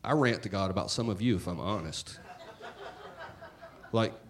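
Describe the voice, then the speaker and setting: A man preaching a sermon in church, talking to the congregation in a conversational, joking way and swinging between loud and hushed. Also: lowish voice, measured pace, long pauses. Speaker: pastor.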